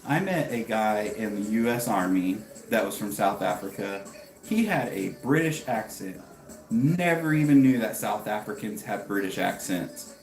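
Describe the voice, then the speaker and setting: A man's voice: on the low side, vocal fry, a little mellow, reverberant, poor audio. A man in his thirties from the United States, chatting casually with viewers on a livestream and greeting them by name. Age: 30s. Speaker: livestream host. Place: home garage.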